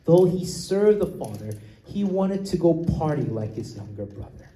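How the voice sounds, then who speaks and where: A man's voice: fairly high pitch, big pitch swings, moderate pace, mellow. A man preaching a sermon, explaining scripture and often asking "right?" as he goes. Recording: roomy echo.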